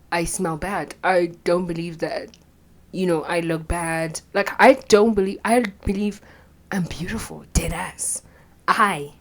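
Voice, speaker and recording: A young woman, telling a candid personal story with plenty of swearing and quiet whispered asides. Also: fairly low pitch. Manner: blunt and profane, drops into whispered asides. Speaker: vlogger.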